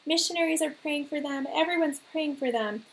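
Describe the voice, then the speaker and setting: A woman hosting a faith livestream, telling a story to her viewers in an earnest, animated way and repeating phrases for emphasis. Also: high-pitched, brisk.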